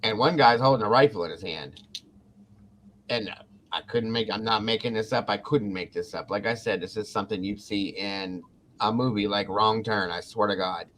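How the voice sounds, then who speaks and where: A man's voice: on the low side, moderate pace, slight background noise. A man from Ohio hosting a casual talk show, telling a story with swearing and acted-out quotes. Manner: animated, swears freely, acts out quotes. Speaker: podcast host.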